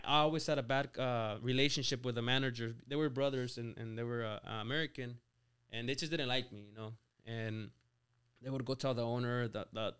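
A man's voice: mid-range voice, a bit bright, clean tone. A man in his twenties from Mexico, a podcast guest telling his story in a casual chat, full of "like" and "you know" and restarted words. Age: 20s. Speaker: podcast guest, auto shop owner.

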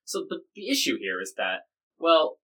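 A man's voice: fairly high pitch, very animated, moderate pace, fairly bright tone, low-quality recording. An American man co-hosting a casual news podcast, explaining stories in a chatty, jokey, rambling way. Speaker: podcast co-host.

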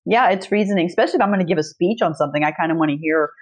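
A woman's voice: lowish voice, very fast. A woman author, a podcast guest, telling stories in a casual chat, blunt and swearing freely. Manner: brash storyteller, blunt and swearing.

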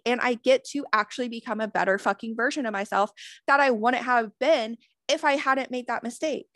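Earnest woman with a higher voice. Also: pushed and bright, dry recording, studio quality. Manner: earnest, swears often, repeats affirmations. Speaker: spiritual wellness host. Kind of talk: motivational self-help talk.

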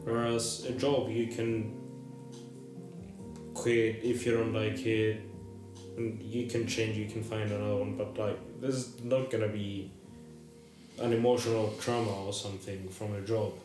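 A man's voice: fairly low pitch, flat delivery, measured pace. A man in a casual chat, speaking thoughtfully with hesitations and restarts. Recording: echoey room with music behind.

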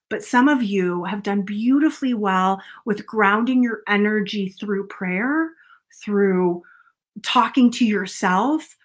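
A middle-aged woman coaching viewers on emotional eating, talking earnestly and putting direct questions to her listeners. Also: medium pitch. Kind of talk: motivational talk to viewers.

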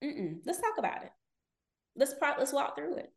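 A woman's voice: high voice, very animated, normal speed, vocal fry. A woman in her forties, a podcast guest, telling personal stories candidly in casual chat and laughing often. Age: 40s. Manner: candid storytelling, laughs often, slips into quoted voices.

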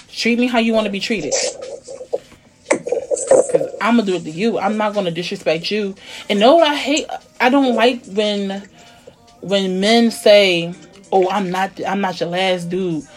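A woman in casual chat, talking bluntly and emphatically, often swearing, sometimes dropping to a low, quiet tone. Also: measured pace, long pauses, music in the background. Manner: blunt, profane, emphatic venting; drops to a low, quiet tone to make a point. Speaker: conversation partner.

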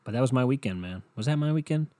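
Animated and fast, this podcast co-host has a mid-range voice with a dark tone, recorded dry. He swears nonstop while telling a rambling, self-mocking story in casual conversation.

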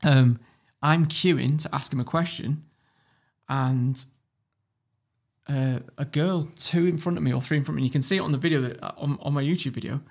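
A man guesting on a podcast tells a casual story, blunt and cursing freely, laughing all the way through. He's an entrepreneur, and his voice sits fairly high, gravelly and a little mellow, at a normal pace.

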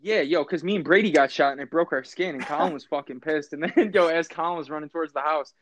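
A man's voice: a little high, quick pace, a bit bright. A young man telling rambling, profane stories in a casual chat. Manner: rambling, profane, laughs mid-story. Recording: dull, dry.

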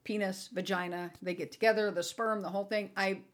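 A middle-aged woman co-hosting a casual chat, telling stories in a lively way and acting out the voices of the people in them. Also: medium pitch, brisk. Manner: animated, acts out quoted dialogue with laughter. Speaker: podcast co-host.

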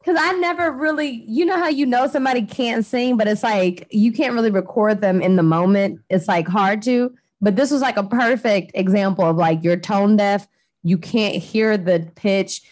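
A woman's voice: mid-range voice, moderate pace, a little mellow. A woman co-hosting a casual podcast chat, teasing and laughing often. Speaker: podcast co-host.

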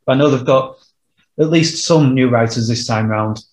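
A man's voice: medium pitch, normal speed. A man co-hosting a casual podcast chat, hesitant, with many "um" and "I don't know". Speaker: podcast co-host. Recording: roomy echo.

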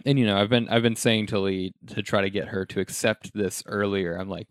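A man comedian hosting a casual podcast chat, relaxed and asking questions. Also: on the low side, brisk, smooth, no room sound, studio quality. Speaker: stand-up comedian and podcast host.

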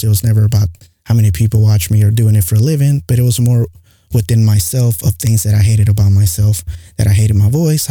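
Candid young man with a dark voice. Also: fairly low pitch, no echo. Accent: non-standard English accent. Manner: rambling and candid, heavy use of "like". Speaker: podcast host. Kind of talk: casual monologue podcast. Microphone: studio mic close up.

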